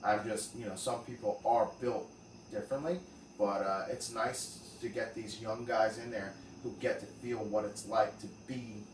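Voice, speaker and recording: A man's voice: on the low side, normal speed. A man who fights in MMA chats casually as a co-host, rambling a little and leaning on fillers. His voice sounds distant and roomy, with faint noise underneath. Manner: relaxed, conversational, trails off with fillers. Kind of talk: casual podcast chat.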